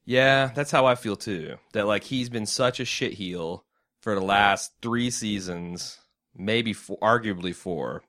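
A man's voice: on the low side, unhurried, fairly bright tone. A man co-hosting a casual TV recap podcast, joking sarcastically and acting out characters' lines. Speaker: podcast co-host.

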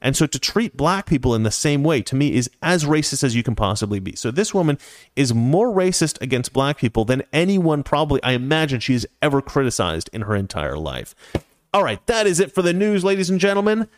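A man's voice: fairly high pitch, big pitch swings, brisk, dry recording. A man in his forties from the United States hosting a casual political commentary show, speaking opinionatedly and directly to his viewers. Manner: opinionated, talks straight to viewers. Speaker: show host.

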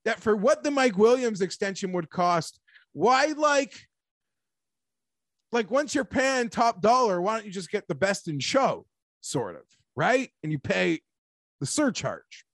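A man hosting a casual sports talk show, animated and rambling, talking like an emphatic fan. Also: high voice, a little slow, no echo, studio quality. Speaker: sports podcast host.

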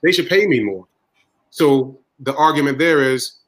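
A man who runs a family deli, holding forth in a relaxed podcast chat. He talks at a medium pitch and hammers his points home by repeating them. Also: measured pace, low-quality recording. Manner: emphatic, repeats points for stress. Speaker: deli owner, podcast host. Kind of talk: casual podcast discussion.

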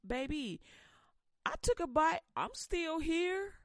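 A woman voices a carefree, sassy young wife, slow and sing-song. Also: very high-pitched, expressive, no echo, clean studio sound, pitched above the performer's own voice, heavily acted. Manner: sassy, coaxing.

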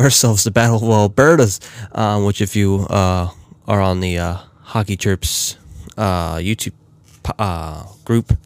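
Deep-voiced man rambling about hockey. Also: smooth. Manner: rambling, many fillers and restarts. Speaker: hockey podcast host. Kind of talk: casual solo hockey talk.

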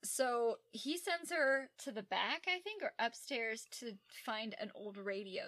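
A woman's voice: a little high, animated, measured pace, fairly bright tone, no room sound. A woman in her thirties co-hosting a podcast, chatting casually and retelling scenes with animation. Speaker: podcast co-host. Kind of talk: casual recap chat.

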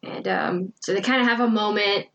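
A woman's voice: medium pitch, fairly quick, fairly bright tone, highs cut off. A woman co-hosting a casual podcast, retelling a book's plot in a chatty way with lots of fillers and quoted lines. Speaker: podcast co-host recapping a book. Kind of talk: casual chat.

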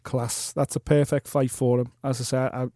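A man's voice: medium pitch, little pitch movement, normal speed, warm tone, no echo, clean studio sound. A man co-hosting a casual MMA podcast, talking with enthusiasm and emphasis. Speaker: podcast co-host.

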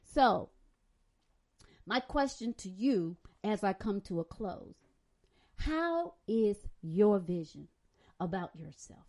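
A woman preaching a sermon, dramatic, moving between loud emphasis and soft reflection. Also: medium pitch, sing-song, slow, long pauses.

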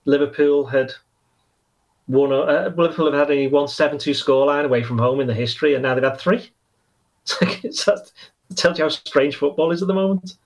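A man's voice: a little high, a little fast. A man, a football journalist, chatting on a podcast in a rambling, self-correcting way. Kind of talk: casual podcast chat.

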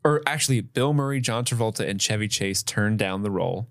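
A man co-hosting a casual film review podcast, lively and quick to laugh, sharing movie trivia. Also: lowish voice, no echo, clean studio sound. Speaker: podcast co-host.

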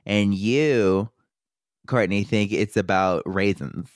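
A man's voice: fairly low pitch, slow pace, no room sound, clean studio sound. A man co-hosting a podcast in casual chat, blunt and exasperated, swearing now and then. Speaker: podcast co-host.

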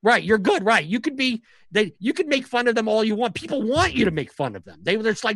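A man's voice: high-pitched, big pitch swings, a little fast, hardly any pauses, a bit bright, dry recording. A man who is a stand-up comic, telling stories in a casual podcast conversation, rambling with many restarts and fillers. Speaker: stand-up comic and professional poker player.

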